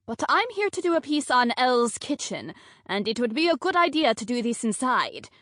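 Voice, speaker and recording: A woman voicing a poised young female reporter who speaks in a cool, measured, skeptical way. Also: a little high, big pitch swings, fairly bright tone, dry recording, clean studio sound.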